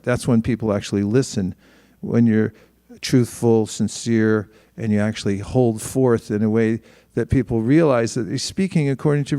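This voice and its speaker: A man's voice: mid-range voice, warm tone, no room sound, clean studio sound. A man giving a spiritual talk in a conversational way, often restarting his sentences and livening up for quoted asides.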